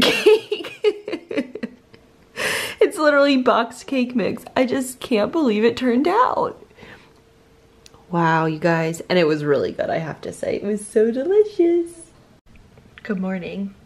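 A mother and family vlogger chats casually to the camera in her home kitchen, bubbly and laughing often as she drifts into rambling asides. Her voice is mid-range, with a little hiss or hum in the recording.

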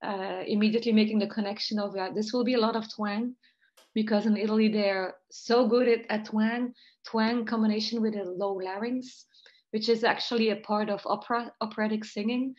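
A woman's voice: medium pitch, fairly even intonation, brisk, darkish tone. Woman, Belgian accent, voice teacher, analytical, thoughtful, video call, slightly dull audio. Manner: thoughtful, analytical, light laughs between points. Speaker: jazz voice teacher and researcher. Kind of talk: online interview, analyzing singing technique.

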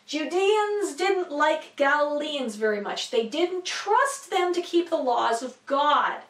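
Rambling female Bible teacher, high voice, distant mic in a reverberant room. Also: sing-song, slow, fairly bright tone. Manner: rambling, chatty, many fillers and asides. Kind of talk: casual teaching to camera.

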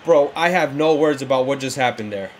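A young man commenting live on his own football video game match, excitable, with frustrated outbursts and shouts at big moments. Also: mid-range voice, fairly quick, soft background music. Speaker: gaming YouTuber.

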